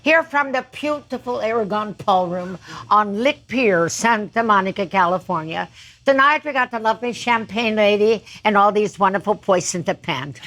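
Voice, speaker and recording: A man's voice: high-pitched, normal speed, pushed and bright. Woman doing a genial old bandleader's voice. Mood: announcing. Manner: slurred consonants, folksy announcer cadence. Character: older male bandleader, genial, mispronouncing B as P.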